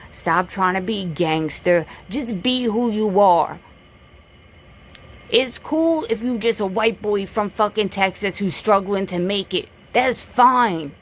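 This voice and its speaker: A woman's voice: mid-range voice, a bit bright, a little hiss or hum. A woman vlogger delivering a blunt, profane, confrontational rant, lecturing and repeating her points for emphasis. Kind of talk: direct-to-camera rant.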